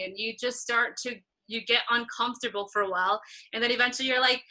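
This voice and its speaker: A woman in her thirties talks through her career in a casual interview, her voice bright and a little high. She tells her stories with animation and jumps into a higher, chirpier tone when she replays old conversations. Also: fairly quick, rough recording. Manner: animated storytelling, acting out past dialogue in a higher voice. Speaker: concert photographer guest.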